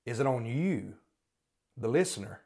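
A man's voice: mid-range voice, expressive, moderate pace, gravelly, dark tone. A man hosting a podcast, giving critical religious commentary and hammering the same rhetorical questions while often restarting his sentences. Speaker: podcast host.

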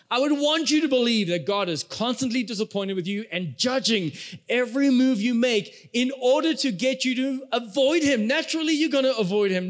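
A young adult man, a pastor, preaching a sermon in a conversational way and speaking straight to the congregation. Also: extremely high pitch.

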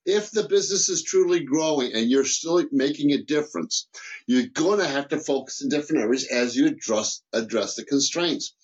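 Male guest mentor, animated, stumbling restarts, lightly raised pitch. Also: moderate pace, muffled recording. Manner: animated, frequent restarts and repeated words. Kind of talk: casual interview talk.

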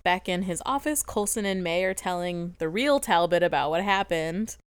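A woman's voice: on the low side, lively intonation, normal speed, smooth, dry recording. Giggly woman recapping a TV episode. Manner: giggly, laughs often. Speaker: podcast co-host. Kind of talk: casual chat recapping a TV episode.

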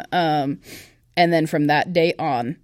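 A woman's voice: low-pitched, slow pace, darkish tone, dry recording. Candid young woman telling her story, dry. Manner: candid and conversational, with many fillers. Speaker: podcast guest. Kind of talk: personal testimony in casual chat.

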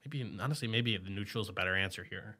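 A young man with a sharp, bright-edged voice chatting casually as a podcast co-host. He laughs a lot and trips over his words, restarting sentences when he gets worked up. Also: on the low side, fast talker. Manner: laughs often, stammers and restarts when excited. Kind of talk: casual chat.

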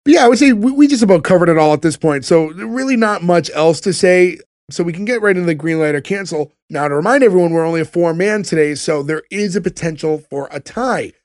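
A man's voice: high voice, animated, quick pace, a little mellow, no room sound, studio quality. A man hosting a casual podcast, talking loosely with lots of fillers. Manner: loose, rambling, frequent fillers. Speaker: podcast host. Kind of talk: casual chat.

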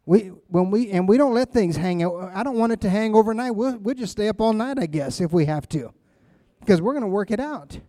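Man preaching, high voice, emphatic and conversational, dry close sound. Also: a little fast, mellow, no room sound. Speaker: pastor. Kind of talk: sermon.

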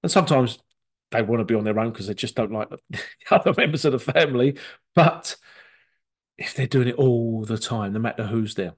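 A man talks in a loose, conversational way, as if coaching the listener directly. His voice sits at an ordinary middle pitch. He pauses on fillers and slips into short acted-out quotes along the way. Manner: conversational, acts out quoted voices, frequent ums and asides. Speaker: relationship coach. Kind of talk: casual spoken teaching talk.

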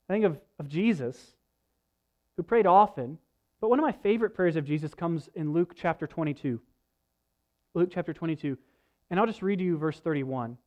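A man's voice: high voice, darkish tone. A man preaching a sermon, earnest and conversational, with folksy asides. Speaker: pastor. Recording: slightly dull, lo-fi sound.

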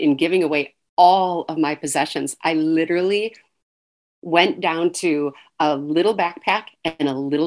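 Animated woman telling her story. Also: low-pitched. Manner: animated storyteller who acts out dialogue and laughs between phrases. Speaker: author and podcast guest. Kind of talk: casual storytelling interview.

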